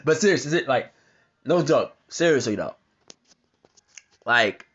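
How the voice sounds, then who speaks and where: A man's voice: mid-range voice, animated, unhurried, fairly bright tone, dull audio. A man doing reaction commentary on a news article, ranting with heavy profanity and stumbling over his reading. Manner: stumbles while reading aloud. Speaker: commentary vlogger.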